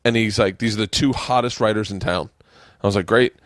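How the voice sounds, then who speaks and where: A man's voice: fairly low pitch, a little fast, no room sound. A man hosting a podcast in casual chat, telling stories and swearing freely. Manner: animated, acts out quoted voices, swears often. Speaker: podcast host. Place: home studio.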